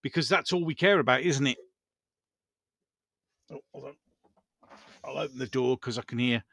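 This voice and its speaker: A man's voice: mid-range voice, normal speed, vocal fry, pauses often, a bit bright, no echo, clean studio sound. A man in his fifties with a Brummie accent, hosting a frank, rambling casual chat with his viewers. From Birmingham, England. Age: 50s. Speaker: channel host. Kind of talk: casual live-stream chat.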